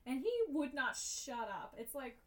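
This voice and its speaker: A young woman co-hosting a podcast, telling stories in a casual, animated way and often laughing. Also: high voice, a little slow, recorded from a distance. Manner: animated storytelling with frequent laughter. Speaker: podcast co-host. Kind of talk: casual chat.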